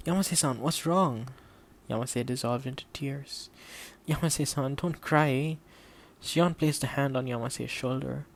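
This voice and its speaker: A man narrates an audiobook at a steady, measured pace. His mid-range voice carries a gravelly texture, and he keeps the characters' lines quiet rather than theatrical. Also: medium pitch.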